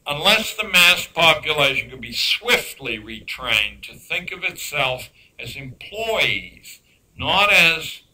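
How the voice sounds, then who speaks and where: A man giving a public lecture on education, emphatic and dryly sarcastic, slowing down to stress key words. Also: medium pitch, pushed and bright, low-quality recording. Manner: dry sarcastic asides.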